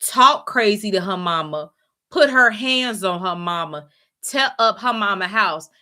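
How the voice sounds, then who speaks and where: Brief: woman host, bright voice, blunt profane rant. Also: medium pitch, lively intonation, a little slow. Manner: blunt, profane, emphatic ranting. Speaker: podcast host. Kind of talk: casual chat.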